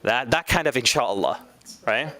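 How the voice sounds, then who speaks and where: A man teaching a class in a lively lecture, often putting questions to his students. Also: mid-range voice, moderate pace. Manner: animated, asks the class questions.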